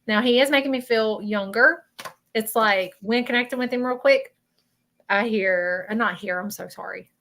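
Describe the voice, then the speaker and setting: A woman with a Southern American accent giving a live psychic reading, earnest and halting, often stopping to apologize. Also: a little high, fairly bright tone. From Southern United States. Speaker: psychic medium.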